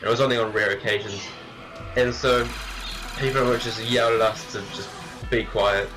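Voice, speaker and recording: A man's voice: on the low side, steady tone, moderate pace. A teenage man casually telling a story as a vlogger, rambling with lots of "like" fillers. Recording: distant mic with faint music.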